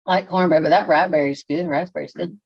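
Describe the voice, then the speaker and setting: A woman's voice: sits low, fairly even intonation, fairly quick, slightly rough, dry recording, highs cut off. Chatty woman podcast host. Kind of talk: casual chat, taste-testing.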